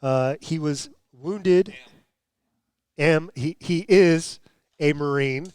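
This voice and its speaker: Smooth-voiced stammering male host. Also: fairly high pitch, extremely slow, darkish tone, dry recording. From United States. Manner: stammering restarts, jokey. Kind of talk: casual chat.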